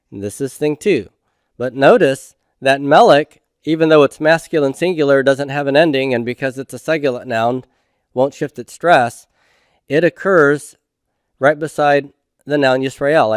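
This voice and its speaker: A man's voice: medium pitch, a little slow, smooth, no echo. Man, middle-aged, grammar lecture, patient, questions then answers, dry close sound. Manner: patient, asks students questions then answers them himself. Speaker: Hebrew grammar teacher. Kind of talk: recorded classroom lecture.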